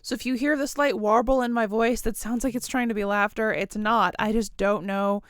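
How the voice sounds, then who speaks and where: A young woman chats alone into her podcast mic, wandering from thought to thought with little self-mocking giggles. Her voice sits a bit high and sounds smooth and clear, recorded close and dry with no room sound. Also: steady tone, normal speed, no echo. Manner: rambling, giggly, self-deprecating. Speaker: podcast host. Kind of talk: casual solo podcast chat.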